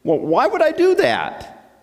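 A man's voice: extremely high pitch, huge pitch swings, unhurried, creaky, in a large hall, pitched above the performer's own voice, exaggerated voice. A man preaching, voicing Moses as a nervous, reluctant shepherd who protests in a raised, anxious voice. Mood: protesting.

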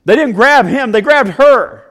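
A man preaching a sermon, telling the story with conversational asides, swinging between loud and hushed passages. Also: very high voice, lively intonation, measured pace. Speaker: pastor.

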